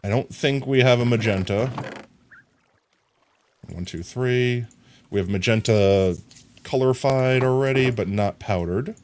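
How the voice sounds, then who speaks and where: A man's voice: medium pitch, a little slow, pauses often, darkish tone, a little hiss or hum. A man casually narrating his game on a live stream, talking to chat and humming silly sound effects as he works.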